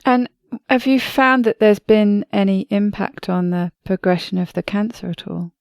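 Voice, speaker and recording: Woman, podcast host, supportive interviewer, smooth voice, dry recording. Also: medium pitch, fairly even intonation, normal speed, no echo. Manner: supportive, asks leading questions. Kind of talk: interviewing a guest.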